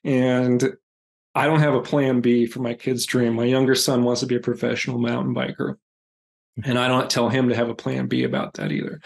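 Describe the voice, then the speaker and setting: A gravelly-voiced man in his forties speaks as a podcast guest, earnest and candid, with the odd pause. He sounds a little congested, and his pitch sits at an ordinary middle height. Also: a little mellow. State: congested, clears throat. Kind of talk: reflective interview answers.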